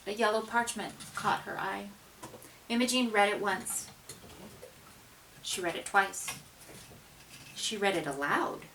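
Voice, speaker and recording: A woman reading a children's picture book aloud, with expressive, dramatic narration and hushed asides. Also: mid-range voice, takes it slowly, pauses often, recorded from a distance, low-quality recording. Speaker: storybook reader.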